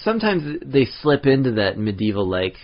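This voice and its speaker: A man's voice: mid-range voice, very animated, normal speed, dull audio, slight background noise. A man co-hosting a podcast, chatting casually with lots of restarts and laughter. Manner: rambling, laughs often, many restarts. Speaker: podcast co-host. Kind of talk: casual chat.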